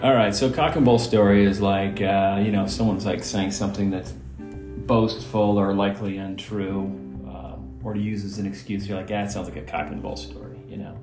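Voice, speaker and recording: A man's voice: fairly low pitch, fairly even intonation, moderate pace, roomy sound, over music. A man in his forties hosting a casual comedy podcast, explaining things in a rambling, joking way. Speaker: podcast host.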